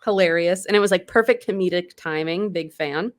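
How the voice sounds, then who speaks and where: A woman's voice: on the low side, brisk. A woman co-hosting a podcast, chatting casually with dry, understated remarks. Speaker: podcast co-host. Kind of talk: casual chat.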